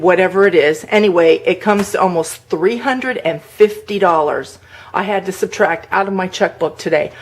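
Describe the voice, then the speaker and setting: A woman talks straight to her camera in a casual vlog, venting with plain indignation. She recounts exchanges and her own replies in an everyday speaking voice. The sound is of a handheld camera inside a parked car. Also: mid-range voice. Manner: indignant, venting, retells conversations. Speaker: vlogger.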